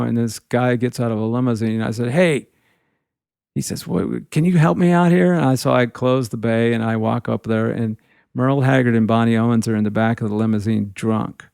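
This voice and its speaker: A middle-aged man with a gravelly, creaky voice recalls old tour days in a loose, rambling way. He keeps dropping "you know" between his thoughts. The sound is close and dry, with no room behind him. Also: medium pitch, darkish tone, no room sound. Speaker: guitarist telling tour stories. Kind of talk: casual storytelling.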